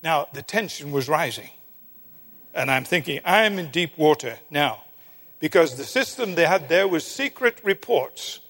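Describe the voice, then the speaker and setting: An older man preaching, telling a personal story in an earnest sermon style that sinks to a hushed tone at tense moments. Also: on the high side, lively intonation, measured pace. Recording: long hall reverb.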